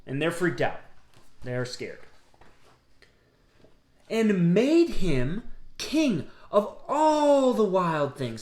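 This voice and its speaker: Slow, lilting man reading a storybook. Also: a little high. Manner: gentle, asks listeners questions. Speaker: storybook reader. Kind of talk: picture book read-aloud. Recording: roomy echo.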